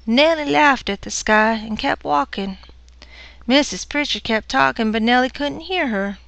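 A woman narrating a dark story in a measured, even delivery. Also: high voice, gravelly, dry recording.

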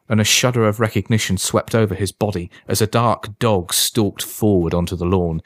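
Low-voiced male storyteller, dry sound. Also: no echo. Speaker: narrator. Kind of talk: scripted narration of a dark story.

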